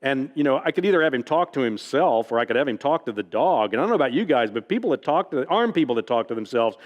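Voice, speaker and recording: A man's voice: medium pitch, big pitch swings, fast, highs cut off. A man speaks to a live audience as a visiting author, spinning loose, chatty anecdotes full of "like" and "you know." He often chuckles at his own punchlines, and his mid-range voice rings out with a long reverb in a large library hall. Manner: rambling and self-amused, heavy on fillers like "like" and "you know".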